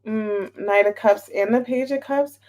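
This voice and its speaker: A woman's voice: medium pitch, a little slow, darkish tone. A woman giving a casual live tarot reading, chatty and a little scattered, repeating herself and greeting viewers in the chat. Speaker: tarot reader.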